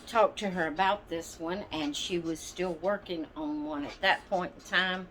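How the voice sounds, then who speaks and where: A woman's voice: fairly low pitch, normal speed, fairly bright tone, slight background noise. A woman hosting her doll channel, chatting casually and rambling to viewers with plenty of ums and asides. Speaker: doll channel vlog host.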